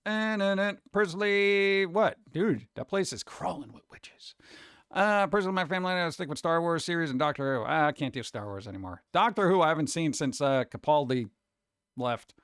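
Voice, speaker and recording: A man's voice: on the high side, fairly quick, a bit bright, clean tone, dry recording, clean studio sound. A man live-streaming, rambling and joking in casual chat as he reacts to viewers.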